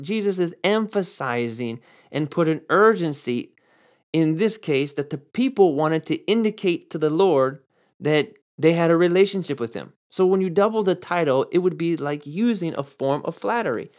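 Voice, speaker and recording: A man preaching a sermon and explaining Greek words, who repeats key words for stress and switches between slow, drawn-out emphasis and quick asides. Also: a little high, expressive. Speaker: pastor. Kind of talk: sermon with Greek word study.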